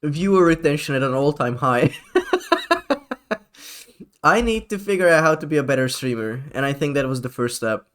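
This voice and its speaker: A man's voice: a little high, brisk, few pauses, fairly bright tone. A man streaming live, chatting casually in a rambling, profane way with frequent laughs.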